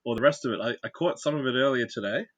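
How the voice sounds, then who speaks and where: A man's voice: mid-range voice, fast talker, no room sound, muffled recording. A man hosting a casual livestream, chatting and greeting viewers by name while he builds. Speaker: livestream host.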